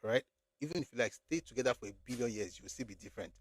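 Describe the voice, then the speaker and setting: A man's voice: medium pitch, racing. A man with a Nigerian accent delivering a blunt, emphatic political commentary monologue, repeating phrases for effect.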